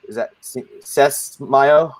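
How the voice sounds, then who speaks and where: Playful male host, mid-pitched, dry close sound, rambles and jokes while moderating. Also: steady tone, slow, dry recording. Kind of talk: casual live-stream support group hosting.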